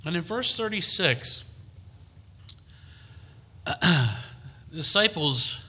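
Man, sermon, bright ringing voice, fairly high, conversational preaching, emphatic peaks. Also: expressive, very slow, breathy edge.

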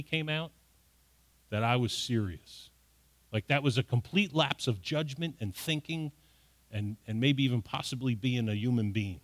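A man's voice: mid-range voice, moderate pace. A middle-aged man preaching a sermon, reading scripture aloud and then explaining it with rising emphasis. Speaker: pastor.

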